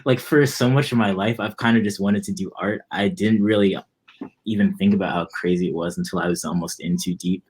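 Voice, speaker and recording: Young guy musician chatting loose in an interview, deep voice, kinda husky, lots of likes and you-knows. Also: fairly quick. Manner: relaxed, rambling, many fillers. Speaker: musician guest. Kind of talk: casual interview.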